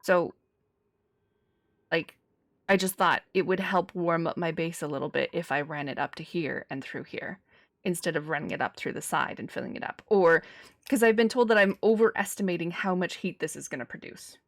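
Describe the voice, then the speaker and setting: A woman's voice: lowish voice, normal speed. A woman from Cyprus, streaming a game in casual chat, talkative, laughing often and replying to her chat. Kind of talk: casual chat while gaming.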